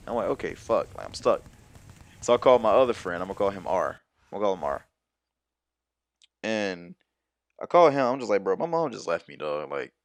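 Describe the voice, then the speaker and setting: A man's voice: fairly low pitch, no echo. A young man telling a personal story in a casual, rambling, slangy way, full of fillers and quoted exchanges. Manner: rambling, slangy, animated retelling with many fillers. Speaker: storyteller vlogger.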